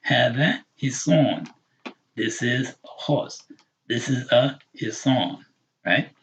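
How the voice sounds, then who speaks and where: A man teaching a live online language lesson, patiently repeating words slowly for learners. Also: mid-range voice, a bit bright, slightly rough. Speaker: Arabic teacher.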